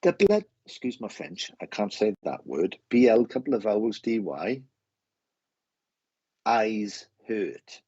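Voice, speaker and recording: A man giving live psychic readings on a stream, talking haltingly, repeating phrases and getting emotional. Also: on the low side, very animated, mellow, husky, no room sound, lo-fi sound. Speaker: psychic medium host.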